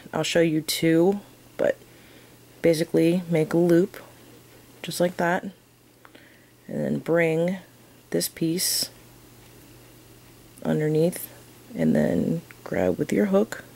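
A woman teaching a crochet tutorial in a casual, chatty way, counting her stitches softly as she works. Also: low-pitched, gravelly, low-quality recording. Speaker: crochet instructor.

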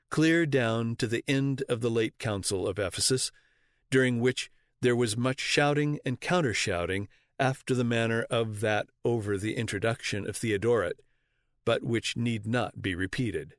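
A man narrating an audiobook in a measured, deliberate reading voice, close to the mic. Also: mid-range voice, no room sound. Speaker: audiobook reader.

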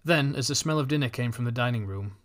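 A man narrating an audiobook in a measured, even storytelling manner. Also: medium pitch. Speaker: audiobook reader.

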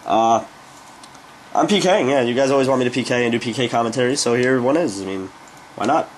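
A man's voice: mid-range voice, a little fast, a little hiss or hum. A young man giving casual, rambling gameplay commentary, speaking offhand with frequent fillers. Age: young adult. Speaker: gaming commentator.

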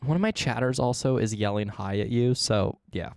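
A man's voice: medium pitch, normal speed, vocal fry, darkish tone, no room sound. A male streamer chatting casually during a game, joking around with friends. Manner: playful, joking banter. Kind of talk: casual gaming chat.

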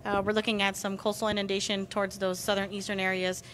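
A woman giving a public safety briefing on a live news show, brisk and advisory. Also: medium pitch, level tone, fairly bright tone, a little hiss or hum.

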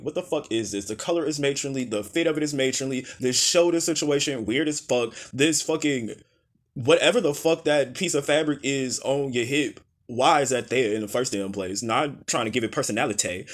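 A man giving comedic fashion roast commentary as host, with sassy, profane, blunt put-downs, swinging between loud jabs and quiet dismissive mutters. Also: mid-range voice.

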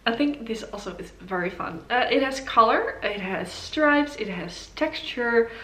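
A woman's voice: a little high, expressive, a little slow, sharp tone. Chatty woman in an echoey room. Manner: chatty, many ums and uhs, thinks aloud. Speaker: knitting channel host. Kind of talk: casual pattern review vlog. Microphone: camera mic.

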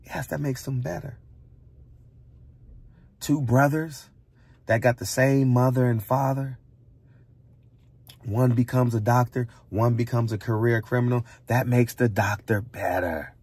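A man's voice: medium pitch, steady tone, unhurried, darkish tone, slightly rough. A middle-aged man from the United States delivering a heated monologue from a barbershop, blunt and preachy, repeating lines and firing rhetorical questions. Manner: hammers points with rhetorical questions. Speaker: barbershop commentator.

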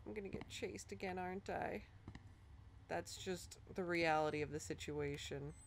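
A young woman casually commenting on a horror game, muttering to herself and breaking into loud panicked outbursts. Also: on the low side, normal speed. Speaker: let's play host. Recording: noisy game audio behind the voice.

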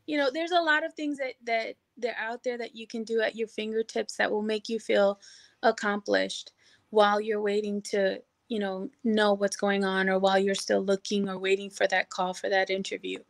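A middle-aged woman speaking as a guest on an interview show, energetic and encouraging, with lots of "you know" fillers. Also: mid-range voice, normal speed, vocal fry, no echo. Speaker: podcast guest, hospitality professional. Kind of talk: casual interview chat.

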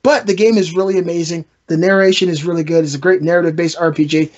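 A man's voice: a little high, fairly even intonation, fast talker, highs cut off. A man hosting a casual gaming podcast, rambling and joking with his co-hosts. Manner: rambling, joking, trash-talking. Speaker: podcast host.

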